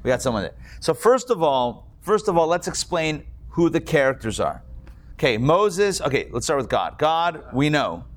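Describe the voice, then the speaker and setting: A man's voice: fairly high pitch, big pitch swings, moderate pace. A man teaching a Torah class to a live audience, chatty and joking, with a lot of digressions.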